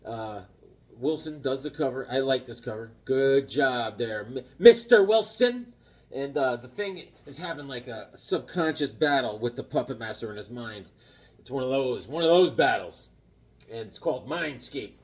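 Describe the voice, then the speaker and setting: A man's voice: medium pitch, animated, moderate pace, a little mellow. A man hosting a casual comic-collecting vlog, rambling between a personal story and show-and-tell of old issues. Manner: rambling, chatty, jumps between stories and comics. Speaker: comic book vlogger.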